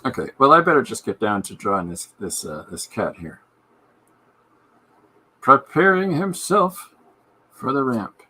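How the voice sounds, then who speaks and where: A man's voice: medium pitch, big pitch swings, unhurried, long pauses, sharp tone, slightly rough. A man hosting his own podcast, chatting casually and jokily while he draws a comic. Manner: rambling, jokey asides. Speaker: podcast host and comic artist. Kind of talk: casual chat while drawing.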